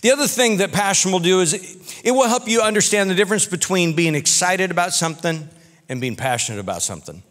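Male pastor, animated folksy sermon, slightly high voice, church hall echo. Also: fast. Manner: animated, folksy storytelling preacher.

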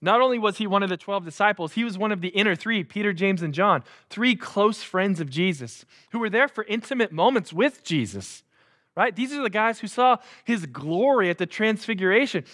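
A man's voice: high-pitched, expressive, normal speed, a bit bright. A man preaching a sermon in a casual, conversational way, acting out the quotes. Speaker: pastor. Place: church.

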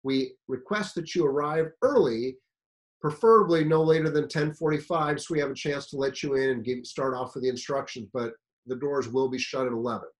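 A man voicing a calm, courteous male fire chief who speaks firmly and formally. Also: medium pitch, a little fast, lightly acted. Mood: polite firm.

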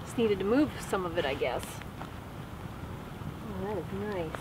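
A woman's voice: mid-range voice, animated, moderate pace, very noisy. A woman chatting casually as she vlogs from her off-grid tent camp in the woods, often talking fondly to her dog. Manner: chatty, talks to her dog in a soft fond voice. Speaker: vlogger. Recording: background music over the voice.

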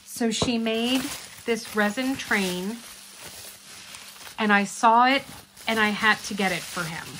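A woman's voice: a little high, takes it slowly, long pauses, background noise. A woman hosting a casual unboxing vlog, gushing and chatty as she talks to her viewers. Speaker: craft channel host.

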